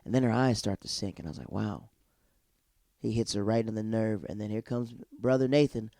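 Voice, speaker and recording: Man, podcast host, casual TV recap, slangy and animated, mellow tone. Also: on the low side, dry recording, studio quality. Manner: animated, acts out character lines in quick put-on voices; laid-back slangy talk.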